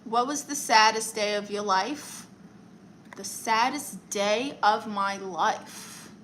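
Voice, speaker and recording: On a rough recording with slight background noise, a young woman's medium-pitched, fairly bright voice comes through. Streaming casually from home, this Brooklyn native with a New York accent reads comments out loud and answers them with quick, playful sass.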